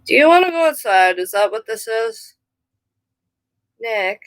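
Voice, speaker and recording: A woman's voice: fairly high pitch, lively intonation, a little slow, dry recording, poor audio. A woman giving a casual live tarot reading, rambling and easily sidetracked. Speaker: tarot reader.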